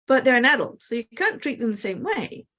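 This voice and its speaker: A woman's voice: on the high side, big pitch swings, a little fast, background noise. A woman host with a slightly raised voice talks through her ideas on a spiritual talk show. Her delivery is reflective and explanatory. She often slips into acting out the replies people give.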